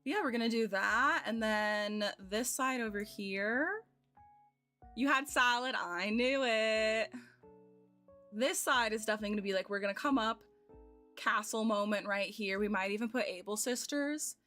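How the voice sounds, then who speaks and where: A female American streamer in her twenties speaks at a measured pace in a voice on the high side. She chats casually and giggles while reasoning aloud through her game, with soft game music in the background.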